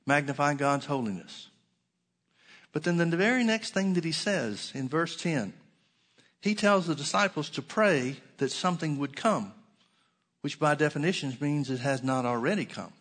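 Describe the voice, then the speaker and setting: Male preacher, earnest sermon delivery, a touch high-pitched, drawn-out scripture quotes. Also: expressive, fairly bright tone. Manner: slows and stretches scripture quotes for emphasis; earnest, repeats key phrases.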